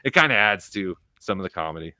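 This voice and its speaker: A man's voice: low-pitched, animated, fast talker, bright, forceful tone, no echo, studio quality. A man guesting on a casual live-stream interview, a rambling, profane comedian who tells long anecdotes.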